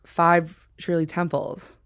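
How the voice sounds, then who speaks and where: A woman's voice: fairly low pitch, little pitch movement, takes it slowly, creaky, a bit bright, smooth, no room sound, clean studio sound. A woman hosting a podcast, rambling and joking in casual chat and putting on silly voices for the people in her stories. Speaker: podcast host.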